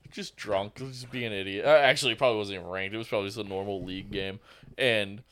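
A man's voice: on the low side, steady tone, quick pace, a bit bright. A man co-hosting a casual podcast, cutting in with teasing jokes and swearing. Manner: joking, teasing interjections, swears. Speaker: podcast co-host.

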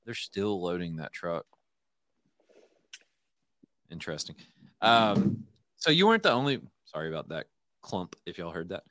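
Guy hosting a podcast, kinda low voice, rambly and loose, dry sound. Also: big pitch swings, unhurried, pauses often, a bit bright, dry recording. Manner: rambling, loose, full of fillers and restarts. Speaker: podcast host. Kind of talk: casual conversational interview.

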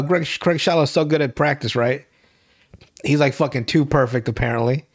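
A young man hosting a podcast, recapping a TV show in casual, profane, rambling chat and laughing often. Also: medium pitch. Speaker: podcast host.

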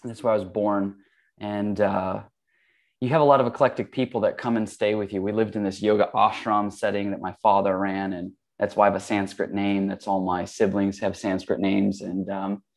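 Gravelly low-voiced man telling stories. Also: normal speed. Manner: relaxed, rambling, with many fillers and restarts. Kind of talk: casual storytelling.

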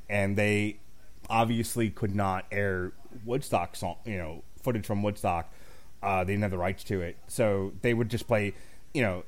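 A man co-hosting a podcast, telling profane stories with loud mimicked voices. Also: fairly low pitch. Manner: profane, animated storyteller, mimics voices loudly. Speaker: podcast co-host. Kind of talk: casual chat.

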